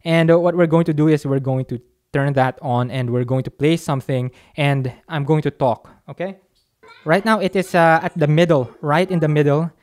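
A man's voice: on the high side, fairly even intonation, normal speed, a little mellow. Guy testing his mic at home, talking close into it, chill and chatty, jokes about himself. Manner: chatty and offhand, with self-mocking asides. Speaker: microphone reviewer. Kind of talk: casual mic test demo. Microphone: dynamic studio mic, talking close.

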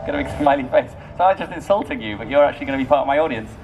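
A man's voice: a little high, rapid-fire, darkish tone, recorded from a distance, soft background music. A man performing as a street busker, bantering cheekily and mocking himself while talking to passers-by outdoors. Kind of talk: busking crowd banter. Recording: noisy outdoor street recording.

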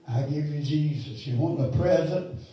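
Fervent preacher in an echoey church. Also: male voice, on the high side, normal speed, mellow, muffled recording. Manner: fervent preaching, building to emphatic calls. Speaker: pastor. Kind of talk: sermon. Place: church sanctuary. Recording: echoey church hall, mic far off.

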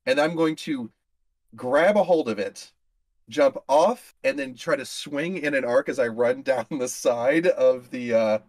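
Male player, mid pitch, halting, thinking aloud, dry recording. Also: a little mellow, dry recording. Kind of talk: casual tabletop play.

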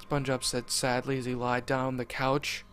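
A man narrates a horror story at a mid pitch, in a deliberate, unhurried reading that lingers on grisly details. Faint music plays underneath. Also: monotone, a bit bright.

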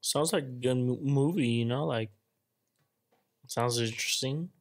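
Slow, laid-back man in casual chat. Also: mid-range voice. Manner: laid-back, short reactions. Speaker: podcast co-host.

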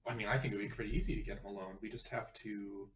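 A man's voice: lowish voice, fairly even intonation, very fast, a bit bright, far from the mic, a little hiss or hum. A man playing in a tabletop game who muses and reasons through plans. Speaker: player. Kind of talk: casual tabletop play. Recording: voice away from the mic.

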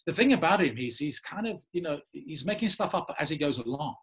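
An English man, an actor, telling lively anecdotes in a casual interview and laughing often. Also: on the high side, fairly quick, breathy edge. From England. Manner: animated storyteller, laughs often. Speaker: actor guest.

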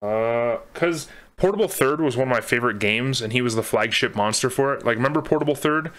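A man's voice: mid-range voice, a little fast, fairly bright tone. Young male co-host, loose and rambling, casually profane, chatting while he sketches. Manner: rambling, laughing, swears casually. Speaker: podcast co-host. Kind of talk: casual chat while drawing.

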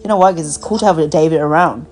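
A woman's voice: sits low, rapid-fire, darkish tone, faint music behind, rough recording. A woman hosting a podcast over the phone in a blunt, profane casual rant, packed with "you know" and "like," her voice worn out from talking. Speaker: podcast host.

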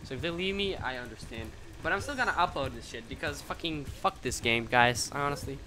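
A man giving live commentary on his own game, excitable and profane, swinging between mutters and sudden shouts. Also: mid-range voice, fairly quick, background noise.

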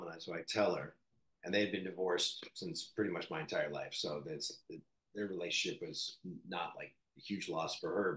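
A man from Canada, an actor, speaking candidly in an interview in a reflective, halting way with many fillers and restarts. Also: low voice, a bit bright, echoey room.

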